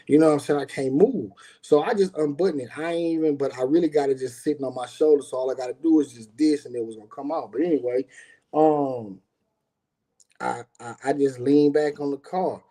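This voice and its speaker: A man recounting a tense confrontation in loose, casual storytelling. His voice is mellow and dark, with a middle pitch. He acts out what others shouted and peppers his talk with fillers and swearing. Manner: animated, acts out quotes, frequent fillers and profanity.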